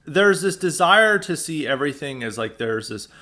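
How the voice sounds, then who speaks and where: A man's voice: fairly high pitch, very animated, moderate pace, bright, forceful tone. An American man hosting a podcast, giving an emphatic, sarcastic political commentary monologue and often restarting his sentences. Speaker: podcast host.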